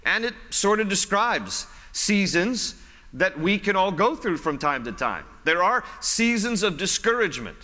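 A man's voice: high-pitched, sing-song, measured pace, pushed and bright. A man preaching a sermon in a conversational way, repeating phrases for emphasis. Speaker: pastor. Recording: long hall reverb.

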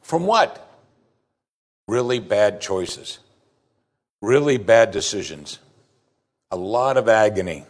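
Earnest male preacher with slow emphasis. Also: lowish voice, lively intonation. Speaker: pastor. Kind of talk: sermon.

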